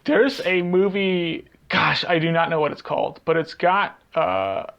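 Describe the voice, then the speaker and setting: A man's voice: on the high side, unhurried, gravelly, a bit bright, highs cut off. A man co-hosting a casual podcast game, rambling and searching aloud for half-remembered titles. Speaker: podcast co-host.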